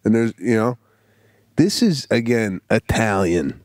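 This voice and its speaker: A man co-hosting a casual comedy podcast, telling animated stories full of acted-out quotes and swearing. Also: lowish voice, unhurried, dry recording, studio quality. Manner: animated storyteller, acts out quotes, swears freely. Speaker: podcast co-host.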